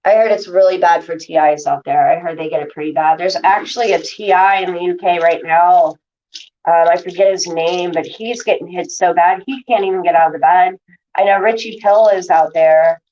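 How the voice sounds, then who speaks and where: A woman's voice: lowish voice, normal speed, dark tone. A woman ranting to her viewers on a livestream, irritated and swearing. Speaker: vlogger. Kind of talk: casual livestream talk to viewers. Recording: distant dull lo-fi audio.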